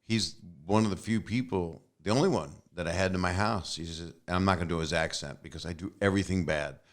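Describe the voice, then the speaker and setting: A man with a low voice hosts a podcast in loose, easygoing conversation. He rambles and keeps making jokes at his own expense. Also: quick pace. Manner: rambling, self-deprecating joking. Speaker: podcast host. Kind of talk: casual chat.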